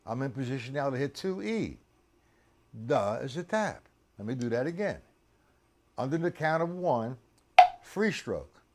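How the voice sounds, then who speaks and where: A man's voice: medium pitch, very animated, a little slow, long pauses, darkish tone, slight background noise. A man teaching a drum lesson on a live stream, quizzing and teasing his students by name.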